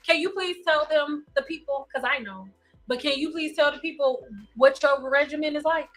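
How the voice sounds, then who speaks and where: Woman, hairstylist, live stream host, high voice, blunt, insistent, repeats questions. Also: normal speed, soft background music.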